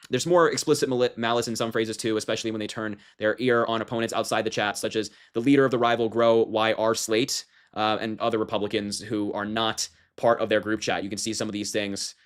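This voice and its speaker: A man's voice: fairly low pitch, steady tone, a little fast, smooth. A man reading a news story aloud and commenting on it with indignant, sarcastic emphasis. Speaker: political commentator.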